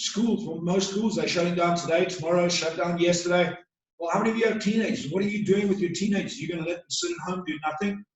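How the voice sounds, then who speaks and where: Echoey, distant motivational man. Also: a little high. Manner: emphatic, repetitive rhetorical questions. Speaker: motivational speaker. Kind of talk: motivational talk.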